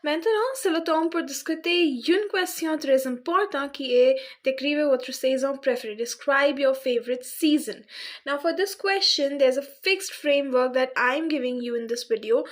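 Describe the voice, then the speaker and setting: A woman's voice: sits high, normal speed. A woman teaching a French lesson to beginners, patiently repeating words and spelling out endings. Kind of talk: slow explanatory lesson for beginners.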